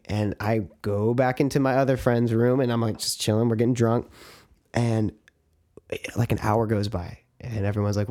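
A man's voice: on the low side, little pitch movement, normal speed, mellow. A man co-hosting a podcast, telling a rambling drinking story in casual chat, full of swearing and acted-out lines from his friends. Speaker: podcast co-host.

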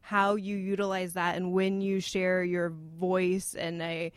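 A woman's voice: on the low side, level tone, slow pace, smooth, dry recording. A woman co-hosting a podcast, playful and inquisitive, who asks questions. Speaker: supervisor and co-host. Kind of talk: casual podcast chat.

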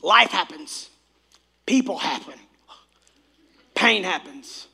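A man with a very high voice and a bright, forceful edge preaches a lively sermon. He repeats his key lines again and again and urges the congregation to call phrases back to him. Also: takes it slowly, gravelly, breathy edge. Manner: exclamatory, repetitive, calls for congregation responses. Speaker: pastor.

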